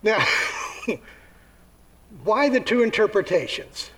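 A man preaching a sermon, telling the story with lively acted-out voices and asking his listeners questions. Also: high-pitched, unhurried, poor audio. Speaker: pastor.

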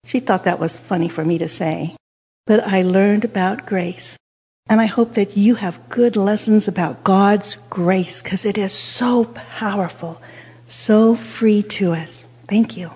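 An older woman telling a childhood story with a lesson, animated and dropping to hushed whispers for suspense. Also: mid-range voice, unhurried, breathy edge. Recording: long hall reverb.

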